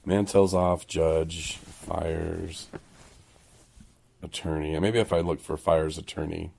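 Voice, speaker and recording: A man's voice: rumbling low, slow, vocal fry. A man co-hosting a casual recovery podcast, telling stories animatedly and laughing often. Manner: animated storyteller who acts out other people's voices. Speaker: podcast co-host. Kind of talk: casual chat.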